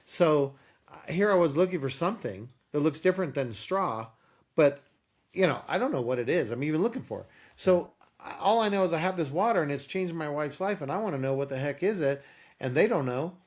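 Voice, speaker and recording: A man's voice: a little high, fairly quick. A man telling a personal story in an interview, acting out the voices of people in it. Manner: animated, acts out quoted dialogue. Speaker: guest, company founder.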